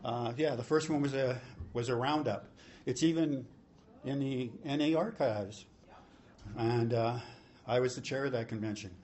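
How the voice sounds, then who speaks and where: A man's voice: medium pitch, normal speed, darkish tone. Joking, swearing man. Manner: joking, profane, rambling. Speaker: main speaker sharing his story. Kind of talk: recovery-meeting share. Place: convention hall.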